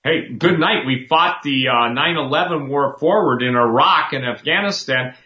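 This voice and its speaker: A man's voice: on the high side, moderate pace. A man hosting a talk show, delivering impassioned preaching commentary in a fervent, emphatic way that often repeats itself. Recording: roomy, dull lo-fi sound.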